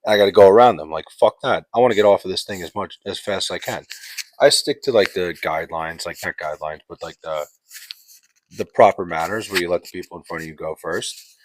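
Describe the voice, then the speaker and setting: Low voiced dude ranting about his trip, swears a lot, rambles, dry close sound. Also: a little fast, dry recording. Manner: profane, exasperated, rambling with many fillers. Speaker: podcast host. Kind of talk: casual storytelling rant.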